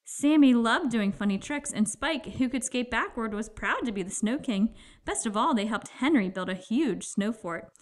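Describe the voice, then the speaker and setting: A woman narrating a children's picture book aloud, with expressive storytelling. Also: fairly high pitch, moderate pace.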